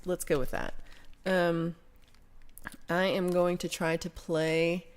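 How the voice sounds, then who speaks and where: A woman's voice: low-pitched, darkish tone. An American woman hosting a livestream, chatting casually and reading viewer comments aloud in a rambling way, with casual swearing. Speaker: livestream host.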